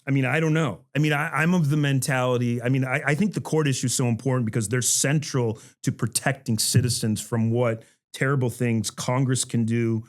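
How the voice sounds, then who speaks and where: A man's voice: mid-range voice, fairly even intonation, fairly quick, few pauses. A middle-aged man, a history professor, talking casually on a panel podcast, rambling with many restarts and asides and chuckling as he goes.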